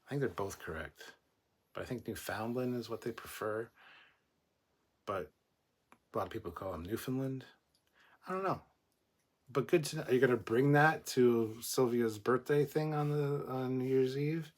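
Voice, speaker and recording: A man's voice: mid-range voice, normal speed, pauses often. A man hosting a livestream, chatting casually and joking as he reads viewer comments aloud. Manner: joking, chatty, rambling with restarts. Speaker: livestream host.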